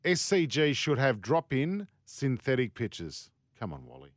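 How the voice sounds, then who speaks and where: An Australian man hosts a sports talk radio show, teasing his co-host and reading out listener messages. He sounds close and dry in the studio, with an ordinary mid pitch. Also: wildly swooping pitch, unhurried, no room sound. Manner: teasing, reads listener texts. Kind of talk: casual chat.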